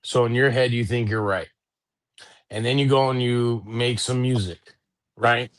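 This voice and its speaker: A man's voice: medium pitch, steady tone, unhurried. A middle-aged man co-hosting a casual podcast, rambling and swearing freely, and often asking "you know what I mean". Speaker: podcast co-host. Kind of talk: casual chat.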